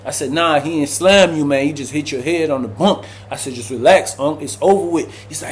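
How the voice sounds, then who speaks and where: Animated man telling a story. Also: on the high side, a little fast, hardly any pauses, a little hiss or hum. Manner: animated, slangy, acts out voices and sound effects. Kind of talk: casual prison storytime.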